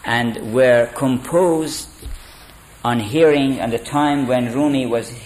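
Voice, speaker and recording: A man giving a spoken lecture on poetry, deliberate and halting with many fillers. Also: medium pitch, a little mellow, slight background noise. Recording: echoey room.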